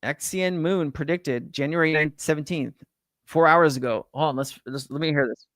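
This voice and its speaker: A man's voice: on the high side, moderate pace, a bit bright, no echo, studio quality. A man hosting a casual crypto livestream, rambling with lots of fillers and restarts, swearing now and then and greeting viewers from the chat. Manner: rambling, filler-heavy, profane.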